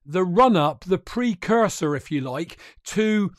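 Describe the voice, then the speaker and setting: Man, crypto news host, high-pitched, dry close sound, chatty, emphatic. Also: animated, slow, no echo. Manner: chatty, emphatic, addresses viewers directly. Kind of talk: casual livestream commentary.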